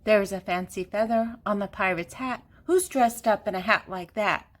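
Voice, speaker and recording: A woman's voice: medium pitch, normal speed. An older woman reading a children's picture book aloud, with a playful sing-song delivery and fun animal sounds.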